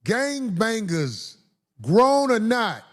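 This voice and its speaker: A man's voice: high voice, big pitch swings, extremely slow, a bit bright. A middle-aged man who grew up in city housing projects, telling stories from his youth in an emphatic, streetwise way. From Chicago housing projects. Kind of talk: storytelling commentary.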